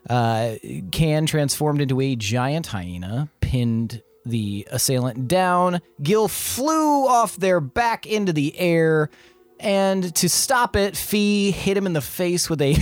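Slow-talking male game master. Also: a little high, expressive, no echo. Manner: laughs through his narration. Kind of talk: recap narration of a tabletop game.

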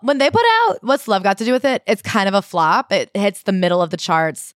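A woman's voice: mid-range voice, animated, brisk, no echo, clean studio sound. A woman co-hosting a casual chat, telling a story with emphasis and reading passages aloud. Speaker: podcast co-host.

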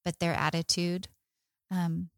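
A woman with a fairly low voice talks through her parenting experience in an easy conversation with her husband. She speaks calmly and thoughtfully. The recording is dry and close. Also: takes it slowly, vocal fry, no room sound. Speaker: co-host of a Christian parenting podcast.

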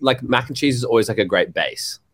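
A man's voice: medium pitch, expressive, brisk, a bit bright, breathy edge. A young man chatting casually as a guest, rambling and swearing freely while acting out what people said. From Australia. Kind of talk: casual chat.

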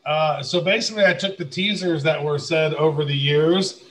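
A man's voice: on the high side, fairly even intonation, moderate pace, a bit bright, poor audio. A man co-hosting a podcast, explaining things in casual chat. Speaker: podcast co-host.

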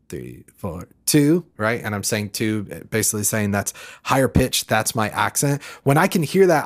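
A man hosting a podcast and explaining advice to musicians in a conversational monologue, with frequent filler words and restarts. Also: mid-range voice. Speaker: podcast host.

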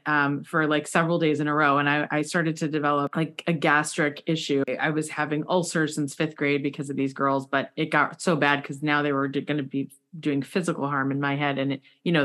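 A woman interviewing a guest, telling a long personal story in a chatty, animated way with many asides. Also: sits low. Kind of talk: casual interview chat.

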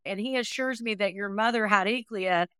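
A woman's voice: medium pitch, normal speed, clean tone, dry recording, studio quality. A woman in her sixties, a podcast guest, telling her own life story earnestly and vividly, often acting out what people said. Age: 60s. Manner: earnest, animated retelling with quoted dialogue. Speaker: interview guest, adoptee. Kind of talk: emotional personal storytelling.

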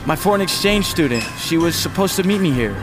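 A man's voice: fairly high pitch, lively intonation, a little fast, music in the background, natural voice. A man playing a frantic stammering teacher. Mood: flustered. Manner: flustered, stammering, yelling. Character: frantic male teacher searching for his girlfriend.

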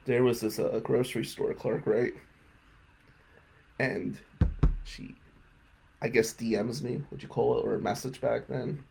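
A man's voice: mid-range voice, steady tone, unhurried, creaky, long pauses, noisy background. A man, hosting a radio talk show and telling self-mocking stories in a casual comedic monologue. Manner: self-mocking storytelling, laughing at his own jokes. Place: radio studio.

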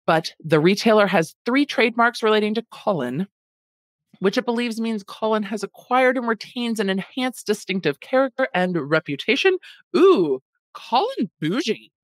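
A woman's voice: medium pitch, normal speed, dry recording. A woman hosting a podcast, chatting casually and wryly about a food lawsuit. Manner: chatty, wry, sarcastic asides. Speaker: podcast host.

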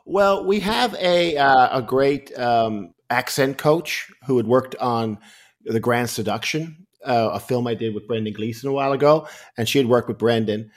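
A man with a Newfoundland accent, a comedian and actor, telling stories in an interview in an animated, self-correcting way. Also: mid-range voice, moderate pace. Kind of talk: interview storytelling.

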